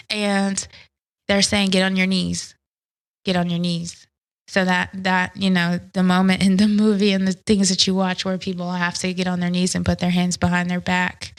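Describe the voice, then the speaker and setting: A woman's voice: on the low side, fairly bright tone, no room sound, low-quality recording. Earnest woman recounting a story, dry sound. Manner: earnest, conversational, reenacts quoted dialogue. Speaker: podcast guest. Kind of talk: personal storytelling.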